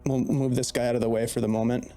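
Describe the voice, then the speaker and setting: A man's voice: medium pitch, little pitch movement, fast, warm tone, faint music behind. A man narrating as dungeon master, steadily setting scenes and explaining the rules. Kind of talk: narrating a tabletop game.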